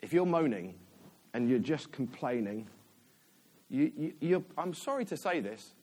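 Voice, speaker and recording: A man's voice: medium pitch, lively intonation, measured pace, a little mellow. A man, a church elder, giving a chatty, self-deprecating sermon in a church.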